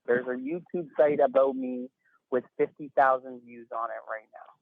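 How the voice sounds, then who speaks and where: A man's voice: mid-range voice, moderate pace, no echo. A man on a phone call, talking in an emphatic, rambling, exasperated way as an interview guest. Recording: tinny phone line.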